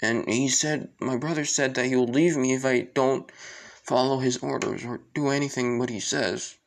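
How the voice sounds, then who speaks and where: A man's voice: medium pitch, fairly even intonation, moderate pace, creaky, natural voice. A man voicing a frightened younger male mage who stammers and begs for mercy in a fan story. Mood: begging. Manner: stammering, pleading.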